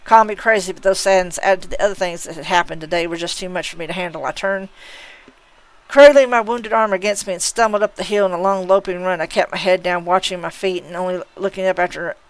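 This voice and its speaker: A woman's voice: fairly low pitch, fairly even intonation, smooth, no echo, rough recording. A woman reading a novel aloud on a live stream, taking her time over each line. She stumbles now and then and corrects herself mid-sentence. Her voice sits in a middle register. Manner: unhurried reading with occasional slips and self-corrections.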